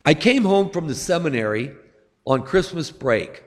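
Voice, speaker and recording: A middle-aged man preaching a sermon to a congregation, slow and emphatic with dramatic pauses. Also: fairly high pitch, animated. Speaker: pastor. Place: church sanctuary. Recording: long hall reverb.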